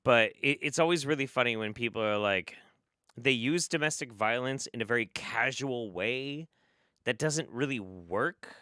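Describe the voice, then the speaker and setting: A man's voice: medium pitch, moderate pace, sharp tone, no echo, studio quality. A man hosting a live stream, casually reacting to clips with laughter, swearing and rambling asides. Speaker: streamer host.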